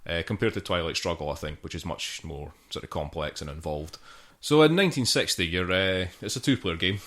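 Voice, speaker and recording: Very deep-voiced, hesitant man. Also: fairly bright tone. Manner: hesitant and halting, laughs easily. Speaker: podcast co-host. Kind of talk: casual podcast chat.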